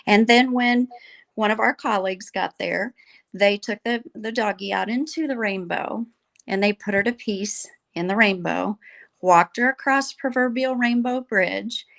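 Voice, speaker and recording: A woman's voice: mid-range voice, moderate pace, creaky. Earnest woman telling a heartfelt story. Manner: earnest, animated storyteller who quotes others. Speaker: guest. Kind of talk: storytelling in a podcast conversation.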